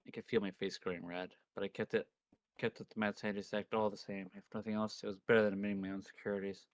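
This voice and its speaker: Low-pitched male streamer narrating a game in first person, dry close sound, dramatic delivery. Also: flat delivery, fast, no echo. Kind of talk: reading a visual novel aloud.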